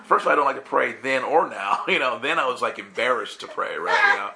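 A man preaching a lively sermon to listeners, telling stories with laughter and acting out the voices of the people in them. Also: mid-range voice, quick pace, gravelly, crowd noise. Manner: animated, laughing, acts out quoted voices.

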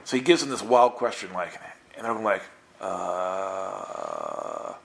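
A man's voice: sits low, wildly swooping pitch, vocal fry. Playful man teaching the Bible. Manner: playful, acts out characters in quick voices.

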